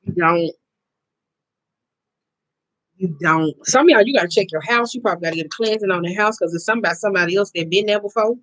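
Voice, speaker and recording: A woman giving a casual card reading to her viewers, blunt and profane, with emphatic, drawn-out repetitions. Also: mid-range voice, no room sound, rough recording. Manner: blunt, profane and expressive, talking straight to viewers. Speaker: oracle card reader.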